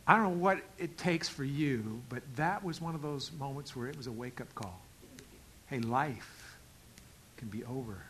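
A middle-aged male pastor telling a story in a sermon, acting out the dialogue and swinging from loud outbursts to quiet asides. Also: fairly high pitch, fairly quick, few pauses, a little hiss or hum, low-quality recording. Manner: animated, acts out dialogue with big swings in loudness.

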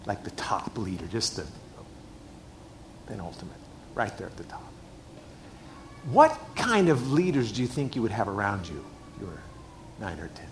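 A man's voice: on the low side, very animated, moderate pace, pauses often, slight background noise. A middle-aged man preaching a sermon in a church, emphatic and repeating his key phrases. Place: church hall with a screen.

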